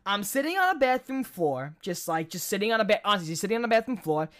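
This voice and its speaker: A man's voice: high voice, very animated, fast talker, a bit bright. A man co-hosting a podcast in casual chat, rambling with many restarts and frequent swearing. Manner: rambling, profane, trailing restarts. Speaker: podcast co-host.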